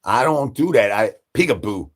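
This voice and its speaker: A man rambling through absurd nonsense banter on a comic live stream, breaking into sudden high shouted asides. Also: animated, normal speed. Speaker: livestreamer.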